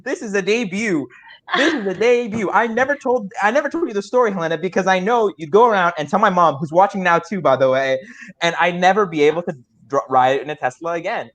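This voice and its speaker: Excitable young man spinning a tall tale. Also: sits high, fast. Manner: excited rambling, many stammered restarts. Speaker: improv player telling a story. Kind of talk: comic storytelling game.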